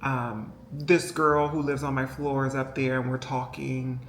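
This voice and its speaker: A woman's voice: a bass voice, flat delivery, measured pace, a little hiss or hum. A woman vlogger telling a story in a casual, rambling and emotional way, with many fillers and asides to her viewers. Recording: echoey room with faint music behind.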